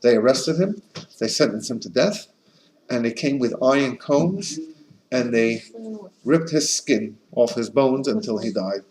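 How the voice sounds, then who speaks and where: A man, a rabbi, giving a Torah class in an animated storytelling manner with frequent restarts. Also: mid-range voice, unhurried, noisy background.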